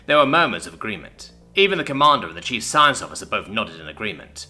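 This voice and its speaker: A man narrating a science fiction story in an expressive, scripted storytelling manner. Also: fairly low pitch, fast, soft background music.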